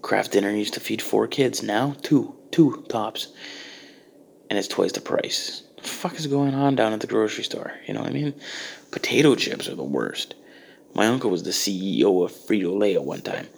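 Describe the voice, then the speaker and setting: A man's voice: on the low side, animated, normal speed, gravelly, slight background noise. A man delivering a profane, exasperated comedic rant. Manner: ranting, exasperated, heavy swearing.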